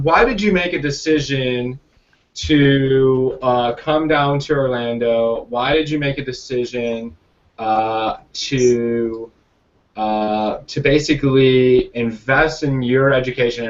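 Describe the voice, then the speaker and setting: Guy coaching on a video call, kinda far off n muffled, lots of um and restarts. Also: mid-range voice. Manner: rambling, many restarts and fillers. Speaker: coach hosting a live call. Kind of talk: casual group video call. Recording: distant, dull lo-fi sound.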